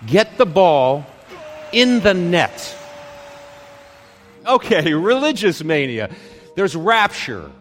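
A man giving a live conference talk on stage, speaking in short dramatic phrases with deliberate pauses. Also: on the high side, a bit bright. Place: stage in a large hall. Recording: long hall reverb from a live stage.

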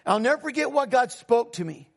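A middle-aged male pastor with a high voice delivers a sermon testimony. He tells his story in a storytelling manner, drops lower to act out the dialogue, and calls on the congregation for responses. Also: animated, brisk, creaky. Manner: storytelling, acts out dialogue with God in a lower, quieter voice.

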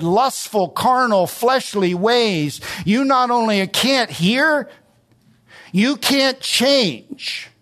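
A middle-aged pastor delivers a sermon, pressing his points home by rising in pitch on key words and stretching out phrases for emphasis.

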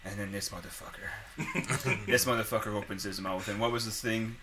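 A young man in casual chat, a crude, animated storyteller among friends. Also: lowish voice, normal speed, noisy background.

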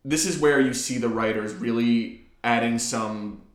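Analytical man talking in an echoey room. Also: medium pitch. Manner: measured, analytical talk with fillers. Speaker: podcast co-host. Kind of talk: casual chat. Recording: roomy echo.

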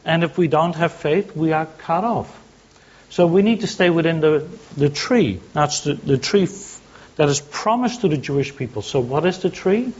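A man's voice: a little high, lively intonation, moderate pace, darkish tone, breathy edge, lo-fi sound. A man preaching a sermon, teaching by asking questions and answering them himself. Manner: teaching, asks and answers his own questions.

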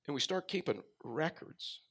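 A middle-aged man from Texas, a pastor preaching a sermon with a faint Texan accent, telling stories and swinging between loud emphasis and quiet asides. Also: a little high, animated, moderate pace, husky. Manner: storytelling, rises and drops in volume for emphasis.

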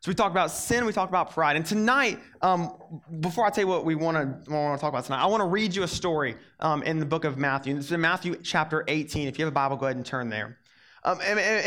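Energetic young youth pastor, high voice. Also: male voice. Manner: energetic, repeats words when starting sentences. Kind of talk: youth sermon.

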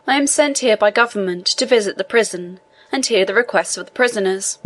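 A woman reading the lines of a male prison inspector who speaks in a formal, measured way. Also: medium pitch, natural voice.

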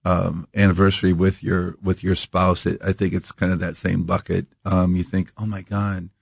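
Low gravelly iowa guy in his 50s, rambly reflective talk, dry studio sound. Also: flat delivery, normal speed, no echo. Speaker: coffee company founder, guest. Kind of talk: casual interview. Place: radio studio.

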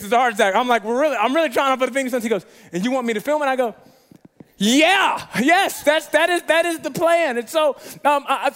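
Animated high-voiced man telling a story. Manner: animated, acts out quoted voices with big pitch jumps. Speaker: guest speaker and pastor. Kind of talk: storytelling sermon.

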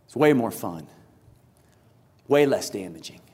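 A man in his thirties preaching a sermon, telling a story with lively animation and acting out the quotes. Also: on the low side, a little slow, gravelly, slightly rough. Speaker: pastor. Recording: large hall with long reverb.

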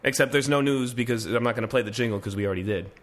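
A medium-pitched man hosts a casual news podcast, reading articles aloud at a rapid-fire clip, adding wry asides and often restarting.

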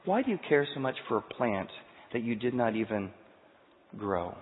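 A man preaching voices God as a gentle, patient, fatherly figure who speaks softly and tenderly. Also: medium pitch, very animated, close to an everyday voice. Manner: soft, tender, measured. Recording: tinny sound, long hall reverb.

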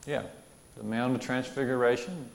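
A man's voice: medium pitch, fairly even intonation, normal speed, creaky, echoey room. A man giving verse-by-verse Bible teaching in an earnest way, repeating phrases and asking his listeners questions.

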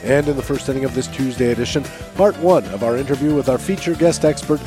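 A man hosting a baseball radio talk show, his voice stuffy and nasal from a cold. He speaks at a middling pitch, with clear music playing under him. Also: fast. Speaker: host.

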